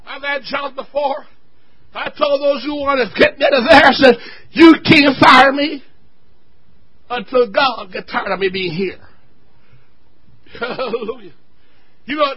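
A male pastor preaching a sermon. He cries out and shouts at his climaxes and whoops, then drops to quiet joking asides. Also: very high-pitched, slightly rough, dull audio.

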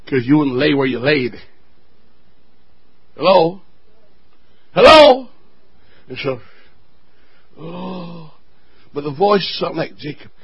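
A male pastor preaching a fiery sermon with call-and-response, building to shouted refrains. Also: fairly high pitch, sing-song, slow, long pauses, breathy edge, highs cut off.

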